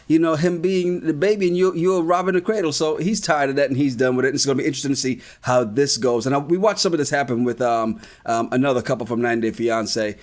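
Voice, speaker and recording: A man hosting a podcast and recapping a reality show in a casual chat, ranting and swearing. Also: mid-range voice. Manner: animated, ranting, profane. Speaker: podcast host.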